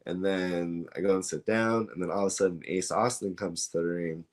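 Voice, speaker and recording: A man's voice: deep voice, steady tone, brisk. A man, a guest on an interview show, telling a story in a casual, rambling way with many fillers and acted-out dialogue. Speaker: belt maker, guest.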